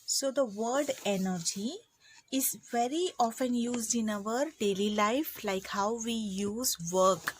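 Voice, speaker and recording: A woman's voice: fairly high pitch, takes it slowly, slight background noise. A woman with an Indian English accent teaching an online physics class in a chatty way, acting out her students' lines.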